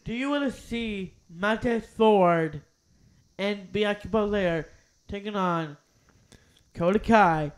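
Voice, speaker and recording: A man co-hosting a podcast, joking around and a little halting as he tees up a question. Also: sits high. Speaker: podcast co-host. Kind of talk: casual podcast chat.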